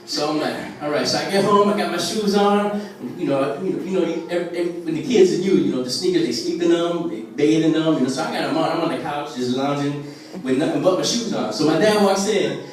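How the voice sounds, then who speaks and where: At a restaurant open mic, this man, from a Puerto Rican family in the US, does stand-up in a slightly high voice at a quick pace, rambling through a story full of fillers and impersonations. A little hiss or hum runs through the recording, which is very echoey with the voice far from the camera.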